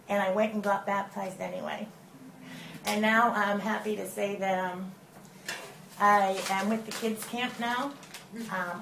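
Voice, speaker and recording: A woman giving a lively personal testimony at church, telling her story with acted-out quotes. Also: mid-range voice, gravelly. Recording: echoey room with faint noise.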